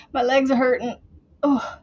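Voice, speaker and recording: Giggly woman crafter, slow and chatty. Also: sits high, highs cut off. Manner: chatty, giggly, talks to viewers. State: out of breath. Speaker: crochet channel host. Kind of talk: casual livestream chat while crocheting. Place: home, seated in a chair.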